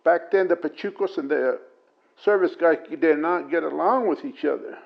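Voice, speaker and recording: Older man, interviewee, gravelly and somewhat high, dull lo-fi tape sound, calm storytelling with pauses. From Prescott, Arizona. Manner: plain unhurried storytelling with many pauses and fillers. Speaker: oral history interviewee. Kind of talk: recounting memories.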